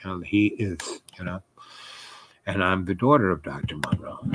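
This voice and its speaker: A man voicing a young woman who confides a dark secret in a low, hushed manner. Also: moderate pace, background noise, close to an everyday voice.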